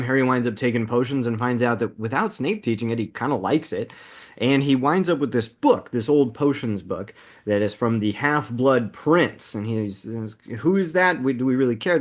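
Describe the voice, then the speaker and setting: A man in his thirties co-hosting a casual movie podcast, upbeat and laughing often as he recaps the plot at a quick clip. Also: mid-range voice. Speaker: podcast co-host.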